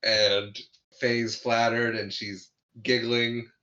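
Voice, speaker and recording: A man co-hosts a podcast and walks through a movie scene by scene in relaxed chat, laughing easily as he goes. His voice is bright and forceful, at a middle pitch. The recording sounds a little dull and lo-fi. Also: slow pace. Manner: laughs often while recounting scenes. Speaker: podcast co-host. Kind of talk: casual movie recap chat.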